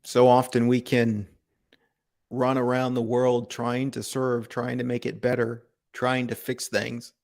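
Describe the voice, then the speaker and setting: Male spiritual teacher, unhurried and gravelly, even-toned, contemplative live-stream host. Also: mid-range voice. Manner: calm, contemplative, asks rhetorical questions, laughs softly. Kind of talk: slow reflective spiritual talk.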